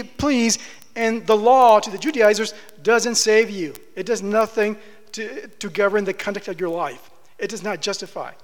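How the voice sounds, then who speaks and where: A man preaching an expository sermon, building to impassioned, emphatic declarations. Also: high-pitched. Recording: long hall reverb.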